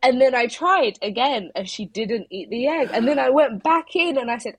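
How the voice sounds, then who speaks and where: A woman co-hosting a podcast in casual chat, telling an animated story and acting out the voices of others. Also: fairly high pitch, moderate pace, hardly any pauses, slightly rough, no echo. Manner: animated storyteller, acts out quotes. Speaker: podcast co-host.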